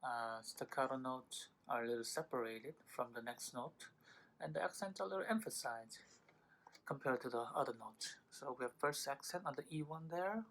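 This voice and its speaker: A man's voice: mid-range voice, normal speed, fairly bright tone. A man teaching a violin lesson in a patient, informal way, with frequent fillers and self-corrections. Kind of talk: instructional tutorial. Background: violin playing between phrases.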